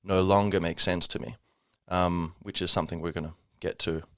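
A man's voice: deep voice, flat delivery, normal speed, a bit bright, dry recording, clean studio sound. A man hosting a casual solo podcast, rambling with many fillers and self-corrections. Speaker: podcast host.

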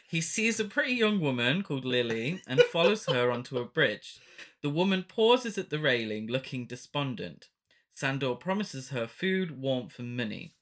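Bright-voiced man laughing through a plot recap. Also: medium pitch. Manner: giggly, retells the plot with frequent laughs. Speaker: podcast co-host. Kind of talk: casual film-review chat.

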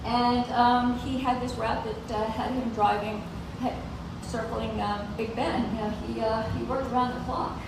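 A woman from England doing stand-up, her voice a little high and full of ums and small laughs. She is picked up from a distance, so the club's heavy echo and loud crowd noise wash over her. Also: slow, creaky. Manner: hesitant, many ums, laughs at own jokes. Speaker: stand-up comedian. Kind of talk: stand-up routine. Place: comedy club stage. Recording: far-off mic in a noisy, echoey club. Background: audience laughter.

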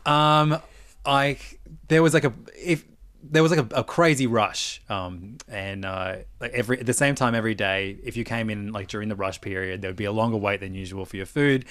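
A man's voice: fairly low pitch, fairly quick, a bit bright, no echo. A man with an Australian accent telling stories in casual chat, rambling with lots of fillers and restarts and swearing freely.

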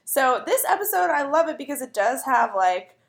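A woman's voice: high voice, big pitch swings, normal speed, gravelly. A woman co-hosting a podcast, casually recapping a TV episode and swearing freely as she acts out the characters' lines. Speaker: podcast co-host.

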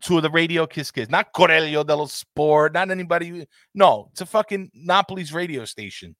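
A man's voice: on the high side, moderate pace, a bit bright, no echo, studio quality. A man hosting a casual football talk show, ranting passionately and swearing freely. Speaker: podcast host.

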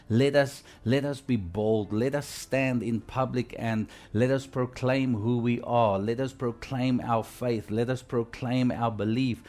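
A man's voice: on the low side, darkish tone. A man preaching a sermon, retelling scripture in a conversational way and urging his listeners with emphasis.

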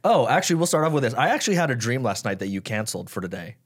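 A man's voice: medium pitch, sing-song, very fast, husky. A man hosting a podcast in casual chat, loose and profane, calling his guest bro. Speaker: podcast host.

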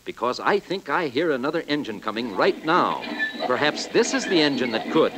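A man's voice: medium pitch, big pitch swings, normal speed, lightly acted. A man voicing a cheerful, determined male toy clown on a 1940s children's story record. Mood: encouraging. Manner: bright, coaxing, insistent. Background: music.

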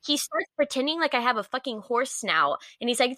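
A young woman co-hosting a casual chat, her voice bright and forward. She tells the story with animated exasperation and frequent laughter. The recording is dry and close, with almost no room sound. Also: on the high side, a little fast, no room sound. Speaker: podcast co-host.

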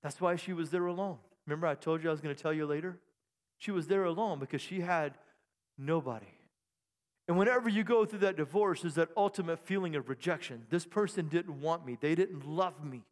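High-pitched preaching pastor in a reverberant hall. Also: male voice, a little fast. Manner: animated preaching with bursts of shouting. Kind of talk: sermon. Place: church sanctuary. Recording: long reverb in a church hall.

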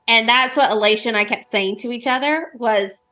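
A woman author chatting on a podcast, telling lively stories and laughing easily. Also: fairly high pitch, normal speed, soft background music. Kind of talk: casual podcast chat.

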